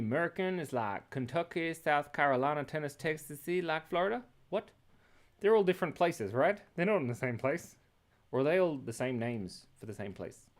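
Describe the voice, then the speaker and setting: A man's voice: deep voice, a little mellow. A man hosting a live drawing stream, chatting casually and playfully while he sketches. He rambles, jokes with the chat and laughs often.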